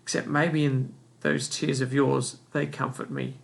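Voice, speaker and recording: A man reading as a gentle old woman, gravelly. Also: mid-range voice, level tone. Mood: tender. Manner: soft, slow, consoling.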